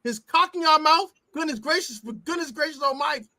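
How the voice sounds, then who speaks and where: A man hosting a sports podcast, delivering a loud, emphatic, cursing rant as a fan. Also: very high voice, a little fast, a crowd in the background. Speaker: podcast host.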